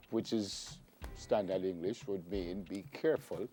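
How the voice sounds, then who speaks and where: A man's voice: sits low, unhurried, dark tone, faint music behind. A Jamaican man co-hosting a morning TV segment, thinking aloud with frequent ums and restarts. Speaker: morning show co-host. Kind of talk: casual studio chat. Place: TV studio.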